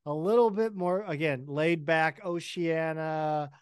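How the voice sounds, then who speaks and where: A man with a fairly high voice hosts a podcast, asking questions in a jokey, chatty way. His voice sounds dry and close to the mic, with no room echo. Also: fairly even intonation, measured pace, smooth. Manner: joking and chatty, laughs often. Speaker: podcast host. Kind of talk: casual interview chat.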